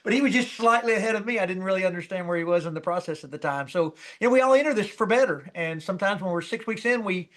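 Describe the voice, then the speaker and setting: Fast-talking high-voiced male coach host. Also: expressive, a bit bright. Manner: upbeat, encouraging, conversational. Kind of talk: hosting an interview.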